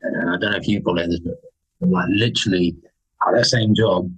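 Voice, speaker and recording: A young man, chatting casually on a podcast as a guest and telling stories with lively acted-out voices. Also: low voice, normal speed, breathy edge, poor audio. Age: young adult. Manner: animated storytelling, acts out other people's lines. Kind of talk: casual chat.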